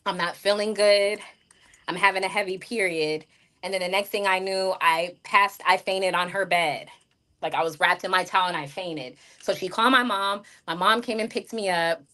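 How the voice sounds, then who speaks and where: A woman's voice: fairly low pitch, moderate pace, sharp tone. A woman streamer telling a personal story to her chat in a frank, rambling way, full of fillers and asides to her viewers. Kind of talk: candid livestream storytelling.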